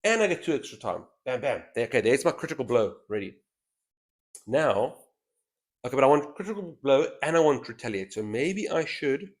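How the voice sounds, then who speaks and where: A man's voice: mid-range voice, expressive, moderate pace. A man hosting a solo board game stream, thinking aloud as he weighs each move in casual commentary on a headset mic. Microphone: headset mic with a straw-like boom.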